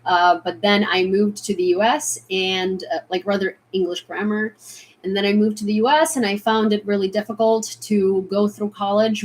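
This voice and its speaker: A woman from Ukraine, speaking with an American accent, chatting casually on a live stream with lots of fillers, restarts and sudden excited bursts. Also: mid-range voice, slight background noise. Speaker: vlogger answering chat.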